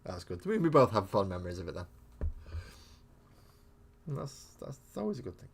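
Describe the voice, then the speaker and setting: A deep-voiced man chats loosely on a live stream while painting miniatures. He rambles, tosses in mild swearing and pokes fun at himself. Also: wildly swooping pitch, normal speed, creaky, slight background noise. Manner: rambling and chatty, mild swearing, self-mocking asides.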